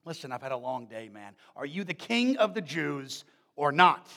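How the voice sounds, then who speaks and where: A man's voice: on the high side, big pitch swings, normal speed, bright, forceful tone, in a large hall, voice pushed down, heavily acted. A man voicing a tired, impatient governor in a sermon retelling. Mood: exasperated. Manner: exasperated, blunt.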